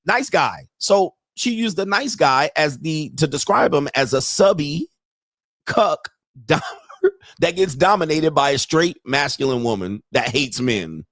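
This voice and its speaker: A man's voice: a little high, animated, unhurried, fairly bright tone, no room sound. A man hosting a reaction commentary, brash and mocking, with loose slang. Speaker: commentary host.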